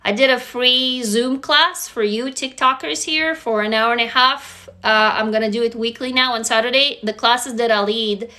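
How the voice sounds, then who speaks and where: A woman with a Russian accent hosts a casual phone livestream, chatting with viewers. Her voice is slightly high and very bright. She talks freely and swears now and then. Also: moderate pace, few pauses. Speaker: livestream host. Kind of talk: casual live-stream chat.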